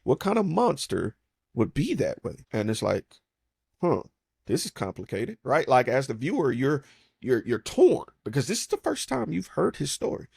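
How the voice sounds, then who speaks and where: A man's voice: medium pitch, wildly swooping pitch, normal speed, creaky, a little mellow, husky, no echo, clean studio sound. A man casually retelling a film's plot and acting out the characters' lines. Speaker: movie recap host. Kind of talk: casual film breakdown.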